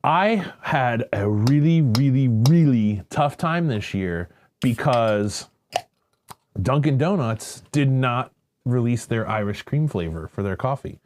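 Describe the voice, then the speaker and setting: Lively man gushing in casual chat. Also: medium pitch, slow pace, a little hiss or hum. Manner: gushing, playful, teasing. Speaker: podcast co-host. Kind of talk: casual beer-tasting chat.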